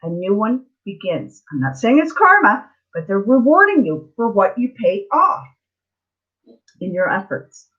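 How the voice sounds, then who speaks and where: A woman's voice: mid-range voice, big pitch swings, measured pace. Lady tarot reader on a live stream, loose rambly chat, keeps saying right?, muffled sound. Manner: rambling, repeats herself, asks "right?" often. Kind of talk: casual spiritual talk to viewers.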